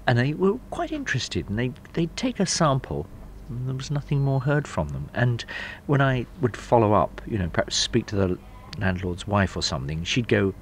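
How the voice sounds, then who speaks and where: A middle-aged man, a smokery owner, telling his story in a lively, chatty way. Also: fairly low pitch, slight background noise. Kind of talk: anecdotal storytelling.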